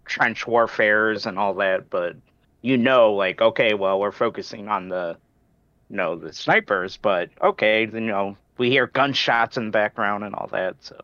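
A man's voice: lowish voice, normal speed, pushed and bright, no room sound. A man chatting loosely about a film, with many fillers. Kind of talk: casual film discussion. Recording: dull dry lo-fi mic.

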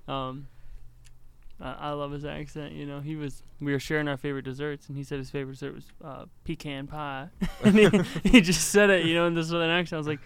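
A young man from Michigan co-hosting a casual interview, easygoing and quick to laugh. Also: a little high, steady tone, gravelly. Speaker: co-host interviewer.

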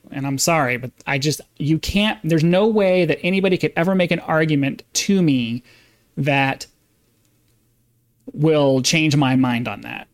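Male podcast host, fairly high voice, insistent opinion rant. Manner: emphatic, insistent, with frequent restarts. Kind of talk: opinion monologue.

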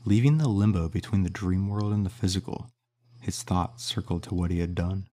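A man narrating an audiobook in a measured, steady reading. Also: deep voice.

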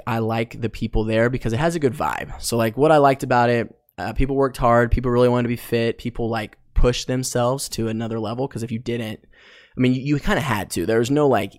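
Young man, solo podcast host, casual rambling talk, middling pitch, dry close sound. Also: dry recording. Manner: rambling, loose, with many ums and likes.

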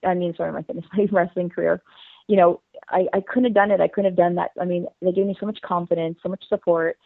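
A woman guest talks quickly and eagerly, piling up fillers as she tells her story, with a gravelly edge to her voice. The sound is dry and squeezed, like a phone line. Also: lowish voice, no room sound. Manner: fast, bubbly storytelling with many fillers. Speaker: interview guest. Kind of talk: casual interview.

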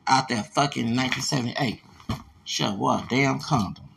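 Gravelly angry man ranting. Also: medium pitch, normal speed, background noise. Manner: profane, confrontational, repetitive. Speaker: podcast host.

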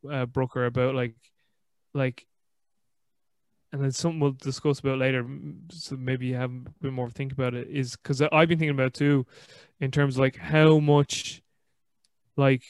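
A man's voice: medium pitch, clean tone, no echo. A man hosting a casual podcast conversation, telling stories in a rambling way with frequent restarts. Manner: rambling, restarts often, animated storytelling. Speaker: podcast host.

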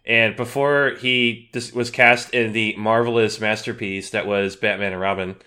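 A man's voice: on the low side, normal speed, smooth. A man co-hosting a podcast, chatting about comics in a goofy way and laughing often. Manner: goofy, laughs a lot, lively. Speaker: podcast co-host. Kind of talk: casual comic book chat.

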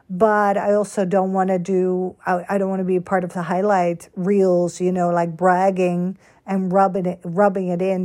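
A woman's voice: lowish voice, darkish tone. Chatty rambling woman podcaster. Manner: rambling, candid and chatty with many fillers. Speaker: podcast host. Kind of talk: casual solo podcast chat. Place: home bedroom.

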